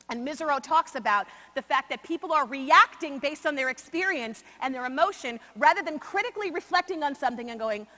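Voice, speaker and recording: A high-voiced woman from New York delivers a motivational keynote to a conference crowd. She swings from loud, punchy emphasis to slow, hushed asides. Her voice rings with a long reverb in a large hall. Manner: expressive, shifts between loud emphasis and quiet slow asides. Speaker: conference speaker.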